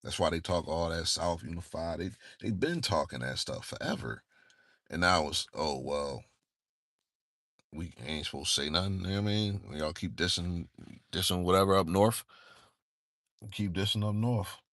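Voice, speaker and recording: Male host, very deep voice, exasperated casual rant, dry close sound. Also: normal speed, a bit bright, dry recording. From Northeastern US. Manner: exasperated, repeats "man" and "bro". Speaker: channel host.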